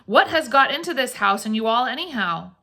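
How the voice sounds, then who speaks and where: A woman voicing a stubborn middle-aged husband who talks gruffly and resentfully. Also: fairly high pitch, very animated, a little fast, bright, forceful tone, pitched above the performer's own voice, heavily acted.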